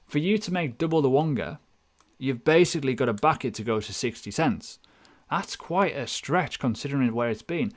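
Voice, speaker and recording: A man hosts a casual livestream, talking loosely and joking at his own expense. His voice sits at an ordinary middle pitch, and his chat is slangy and relaxed. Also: normal speed, hardly any pauses. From United Kingdom. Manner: chatty, jokey, self-deprecating, with slangy asides. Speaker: crypto analysis livestream host.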